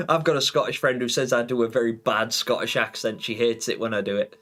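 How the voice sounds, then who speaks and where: A man's voice: mid-range voice, moderate pace, fairly bright tone, soft background music. A man hosting a live stream in casual chat, rambling and laughing often as he reads viewer comments.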